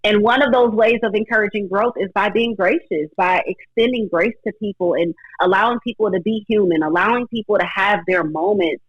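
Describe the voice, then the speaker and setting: A woman's voice: mid-range voice, a little fast, hardly any pauses, slightly rough, no room sound. A woman guest on a faith-based talk show, speaking earnestly and reflectively, often voicing her own thoughts aloud. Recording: dull lo-fi audio.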